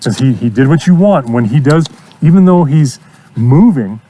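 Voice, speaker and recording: A man coaching a student through horse training outdoors, giving steady encouragement and repeating his praise. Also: mid-range voice, moderate pace. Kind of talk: hands-on coaching.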